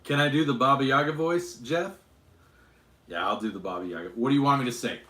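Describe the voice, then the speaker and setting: A man from Utah chats loosely with his viewers, his voice sitting at an everyday middle pitch. He rambles, stops to fix his own wording, and keeps the tone jokey and offhand throughout. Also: brisk, bright, forceful tone, reverberant, a little hiss or hum. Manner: rambling, self-correcting, joking. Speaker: streamer host. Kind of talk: casual livestream chat and Q&A.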